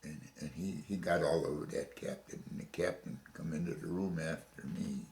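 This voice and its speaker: An older man from Chicago telling his story in an oral history interview, pausing and repeating words as he goes. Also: extremely low pitch, steady tone, vocal fry, a little mellow, roomy sound. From Chicago, USA. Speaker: veteran interviewee. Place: home room.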